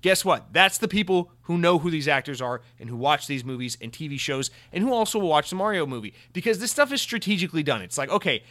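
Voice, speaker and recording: A man's voice: on the high side, expressive, fast, few pauses, fairly bright tone. A man hosting a solo podcast, reading listener comments and ranting in a sarcastic, mock-serious way. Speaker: podcast host.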